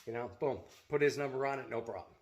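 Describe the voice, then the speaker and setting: A man's voice: mid-range voice, quick pace, dull audio, slight background noise. A middle-aged man telling a story in a blunt, profane, casual vlog rant as a seller of self-defense gear.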